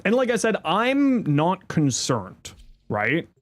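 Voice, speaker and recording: A man livestreaming in casual chat, reading viewer messages aloud and thanking subscribers, thinking out loud. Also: wildly swooping pitch, slow, no echo. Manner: squeaky high-pitched outbursts of surprise. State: chewing an apple.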